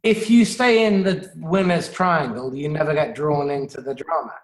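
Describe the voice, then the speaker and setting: A fast-talking coach lays out techniques in an instructive way, often pausing to check "yeah?". The voice sits at a middle pitch. The recording has a roomy, echoing sound. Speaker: sales and communication coach. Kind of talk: explanatory coaching talk on a radio show.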